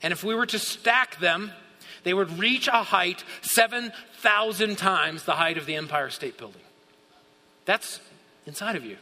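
Male preacher, high-pitched, very bright and forceful tone; sermon with hushed asides and shouted peaks; long hall reverb. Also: expressive, measured pace. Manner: swings from hushed asides to shouted exclamations of awe.

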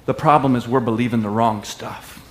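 A man preaching a sermon with lively call-and-response and bits of song. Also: medium pitch, fairly quick. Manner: animated preaching with call-and-response and sung lines. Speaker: pastor. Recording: echoey room.

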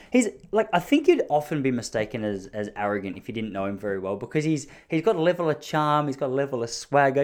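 An Australian man in his thirties talks quickly through a solo podcast, and his stories wander. He jokes as he goes and slips into voices for the people he quotes. His pitch sits in a plain middle range. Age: 30s. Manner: rambling, jokey, acts out quoted voices. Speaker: podcast host.

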